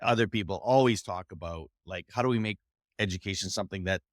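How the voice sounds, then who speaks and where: A man's voice: sits low, quick pace, no room sound, studio quality. A man hosting an education podcast, talking loosely and reflectively in casual conversation. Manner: reflective, loose, many fillers like 'like'. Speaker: podcast host.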